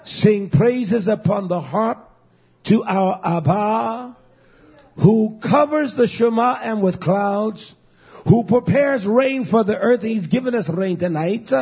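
A man preaching a sermon, exhorting his congregation and rising at times into shouts. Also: sits high, slow pace, breathy edge. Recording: dull lo-fi recording.

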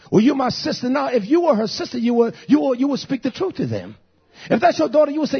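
High husky-voiced preacher guy in his 50s, growls low then yells, muffled lo-fi audio. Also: sing-song, fast. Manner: swings from hushed low growls to shouting. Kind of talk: fiery sermon.

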